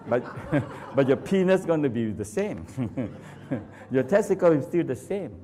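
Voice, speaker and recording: Animated man teaching with broken English. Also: mid-range voice, unhurried. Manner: animated, asks the audience constant questions, laughs often; non-native English with dropped grammar. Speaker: Taoist teacher. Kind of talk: live workshop teaching. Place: training center hall.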